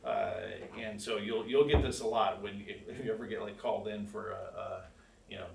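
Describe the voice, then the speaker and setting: A man's voice: fairly low pitch, lively intonation, moderate pace, vocal fry. A man teaching a church Bible class in a casual, conversational way, asking the class questions and reading verses aloud with emphasis. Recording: echoey room, far from the mic, faint hiss.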